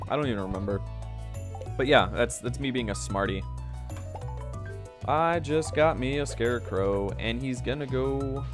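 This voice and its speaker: A young man talks through a game in a loose, rambling way, often trailing off mid-thought. His pitch rises and falls a lot as he chats. Soft game music plays underneath him. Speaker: gaming video creator. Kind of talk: casual gameplay commentary with storytelling.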